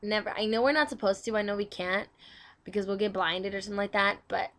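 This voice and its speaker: Young woman host, bright tone, casual devotional read, chatty, trips over words. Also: medium pitch, fairly even intonation, quick pace. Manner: chatty, stumbling over words while reading aloud.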